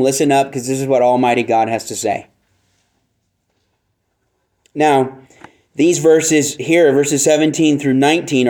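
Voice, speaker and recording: A man's voice: fairly high pitch, a little mellow. A man preaching an expository sermon, earnest and emphatic, teaching verse by verse with rhetorical questions. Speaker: pastor.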